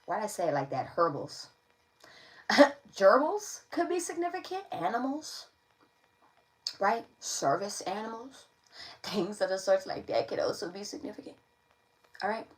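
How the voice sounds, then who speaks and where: A woman's voice: medium pitch, very animated, measured pace, pauses often, low-quality recording. Slangy, playful woman tarot reader. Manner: slangy, playful, keeps checking in with "all right?". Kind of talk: casual tarot reading to camera.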